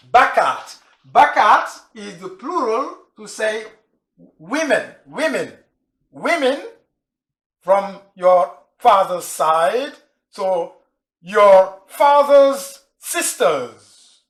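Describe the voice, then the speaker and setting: A man teaching a language lesson, going slowly through words and repeating them, with pauses and restarts. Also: sits high, sing-song, a bit bright. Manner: slow, repeats and spells out words; frequent restarts and fillers. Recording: echoey room.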